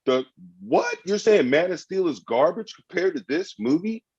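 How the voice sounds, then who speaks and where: A man's voice: sits high, sing-song, moderate pace, slightly rough. Guy ranting hard about movies, swears a bunch, kinda muffled lo-fi audio. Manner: loud, argumentative, swears a lot. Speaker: podcast debater. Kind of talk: heated comedic debate. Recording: dull lo-fi sound.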